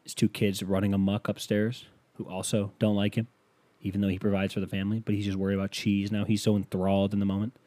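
A man's voice: on the low side, level tone, quick pace, dark tone, dry recording. A male comedian doing crude comedic riffing in a rambling, profane way.

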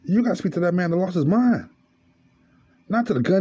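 Podcast host, male, raspy-free but dark tone, swears freely, slightly high voice, muffled recording. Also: expressive, brisk. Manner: profane, storytelling, rising to angry rant. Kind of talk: casual monologue.

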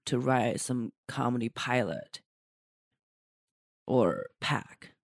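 A woman's voice: a bass voice, expressive, slow pace, vocal fry, no room sound, clean studio sound. A woman comedian co-hosting a casual podcast chat, talking earnestly with frequent restarts. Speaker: stand-up comedian and co-host.

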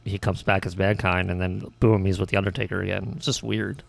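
A man's voice: low voice, little pitch movement, a little fast, vocal fry, no echo. A man co-hosting a casual wrestling chat, mostly chiming in with short agreements and chuckles. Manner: brief agreeing interjections, chuckles. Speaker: podcast co-host.

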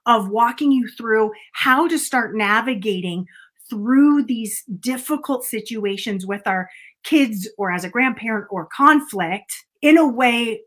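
A woman's voice: fairly high pitch, fairly bright tone, slightly rough. A middle-aged woman coaching viewers on emotional eating, talking earnestly and putting direct questions to her listeners. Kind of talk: motivational talk to viewers.

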